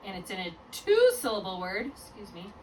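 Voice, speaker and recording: A woman tutoring one-on-one in a phonics lesson, patient and encouraging, slowly spelling out letters and sounds. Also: medium pitch, very animated. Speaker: reading tutor. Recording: distant mic with clear background hum.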